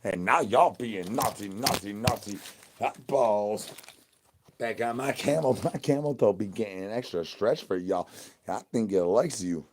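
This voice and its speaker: A rowdy, hungry male zombie with a drawl, as a man puts him on. He rambles through crude sing-song nonsense and begs for brains in a fairly low voice. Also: a little slow, slight background noise, close to an everyday voice. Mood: teasing. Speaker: comedy channel host. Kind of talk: improvised comedy rant.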